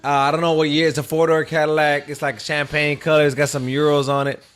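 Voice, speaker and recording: A man tells a story in a relaxed podcast chat. His voice sits a little high, and he voices the people he quotes with lively shifts. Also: fast talker, smooth. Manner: animated, acts out others' quotes.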